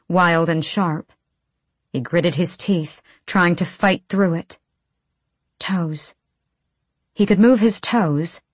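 A woman narrating a fantasy audiobook in a measured, low-key storytelling manner. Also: dry recording.

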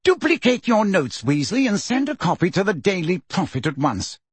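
A man's voice: high voice, sing-song, normal speed, slightly rough, dry recording, pitched above the performer's own voice, exaggerated voice. A man reading an audiobook, voicing a pompous middle-aged male minister who blusters and quivers with delight. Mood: triumphant.

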